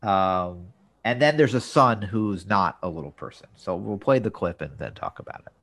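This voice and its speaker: A man's voice: deep voice, expressive, normal speed, background noise. A man co-hosting a podcast, chatting casually about a TV episode and getting exasperated over details. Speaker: podcast co-host.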